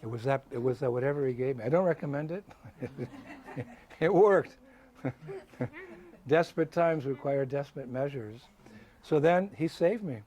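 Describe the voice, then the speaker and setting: A man, a visiting swami, telling a story to schoolchildren in a lively way, laughing and bursting into shouts and chants. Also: medium pitch, normal speed, pauses often. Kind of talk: animated storytelling.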